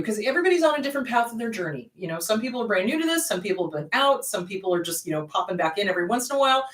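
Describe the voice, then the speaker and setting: A woman's voice: fairly high pitch, a bit bright. A woman therapist hosting a casual advice talk, emphatic and repeating words for stress. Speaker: therapist and show host. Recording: roomy, distant mic.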